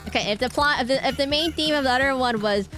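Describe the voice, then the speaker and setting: A woman's voice: high voice, quick pace, a bit bright, faint music behind. A woman streamer chatting casually and rambling while she plays a game. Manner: rambling, chatty, lots of fillers and restarts.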